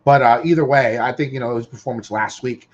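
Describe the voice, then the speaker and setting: Husky man on a dull remote line. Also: mid-range voice. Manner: halting, filler-heavy talk. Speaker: guest co-host. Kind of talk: casual golf betting chat.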